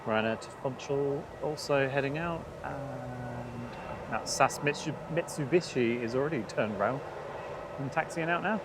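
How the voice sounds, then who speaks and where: A man calmly identifying aircraft and flights as co-host of a live plane-spotting stream, relaxed and jokey. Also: medium pitch, unhurried. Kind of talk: casual plane-spotting commentary. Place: outdoors by an airport. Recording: outdoor noise behind, aircraft and traffic.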